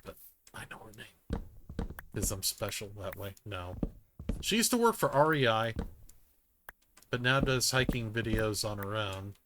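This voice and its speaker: A man's voice: on the low side, noisy background. A man giving rambling, jokey gameplay commentary, muttering self-deprecating asides to himself as he plays. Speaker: gaming YouTuber. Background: music.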